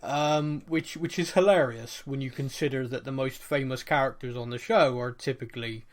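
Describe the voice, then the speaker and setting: A man's voice: medium pitch, normal speed. A British man hosting a casual podcast chat, chatty and fond of mocking posh voices. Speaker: podcast host.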